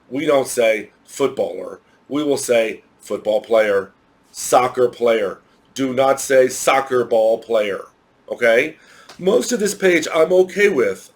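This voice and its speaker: Slow, patient man teaching. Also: medium pitch. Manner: slow, patient explaining with repeated examples. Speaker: English teacher. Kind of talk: recorded lesson for children.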